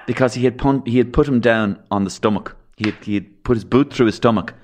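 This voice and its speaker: On a podcast, an Irish man shares rambling, darkly funny memories of his childhood, acting out voices as he tells them. He speaks a little fast at a medium pitch, and there's a slight hiss or hum in the audio.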